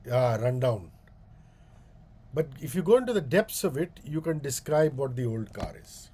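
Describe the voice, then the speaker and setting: A male radio host gives a guest talk on how to speak like a leader, alternating between slow, emphasized phrases and quick asides in an animated delivery. His voice is medium-pitched, with slight background noise.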